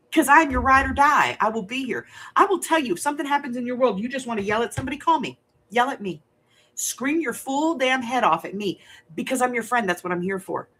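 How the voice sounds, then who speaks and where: Speaking in a high, fairly bright voice, an older woman chats casually on her crafting livestream. She's a grandmother who addresses viewers directly, blunt and rambling.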